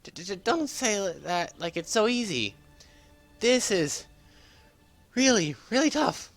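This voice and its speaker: A man voicing a flustered young man who stammers and shouts in high, excited bursts. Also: a little slow, faint music behind, exaggerated voice.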